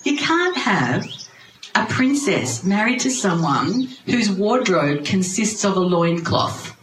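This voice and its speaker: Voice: mid-range voice, normal speed, far from the mic, lightly acted. A storyteller voicing a proud, scornful king who sneers at his daughter's chosen husband, in a room with echo and noise behind. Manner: mocking, exasperated, rising. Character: scornful proud old king, disdainful father. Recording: roomy, noisy ambience.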